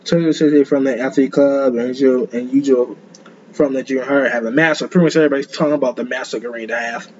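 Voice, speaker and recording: A man's voice: mid-range voice, steady tone, fast, darkish tone, muffled recording, a little hiss or hum. A man giving casual reaction commentary in a rambling, stumbling way, repeating words and chuckling often.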